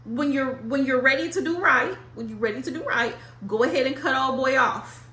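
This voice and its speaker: A woman's voice: high-pitched, normal speed, sharp tone, reverberant. A woman giving a casual tarot talk to viewers, blunt and emphatic, repeating her points with slang and swearing. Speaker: tarot reader.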